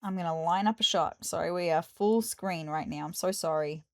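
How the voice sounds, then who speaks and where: A woman giving casual let's-play commentary, excitable and gushing, with apologetic asides. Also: lowish voice, moderate pace, no echo, studio quality. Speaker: gaming video host.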